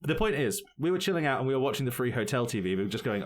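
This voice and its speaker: A man's voice: mid-range voice, very fast, few pauses, a little hiss or hum. A man co-hosting a casual podcast, chatting loosely, laughing often and slipping into goofy put-on accents. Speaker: podcast co-host. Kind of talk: casual chat.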